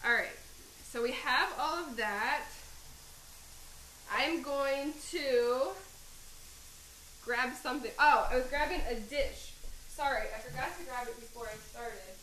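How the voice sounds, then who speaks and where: With a high, sharp voice, a woman talks a little slowly and pauses often while hosting a live cooking stream in her home kitchen. She chops onions through her tears, chatting, rambling and laughing at herself. It's a rough, roomy recording with slight background noise.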